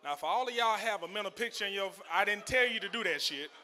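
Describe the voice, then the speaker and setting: A man's voice: high-pitched, lively intonation, quick pace, bright, forceful tone. A male stand-up comedian on a club stage, talking loosely and chuckling through his punchlines. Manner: loose, conversational, trailing punchlines with laughs. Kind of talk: stand-up set.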